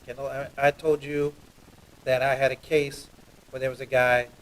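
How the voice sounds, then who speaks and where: A man who is a judge, talking earnestly and quickly as an interview guest, telling stories with animation. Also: medium pitch, far from the mic, slight background noise, rough recording. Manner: earnest, fast, animated storytelling. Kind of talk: interview guest, heartfelt talk.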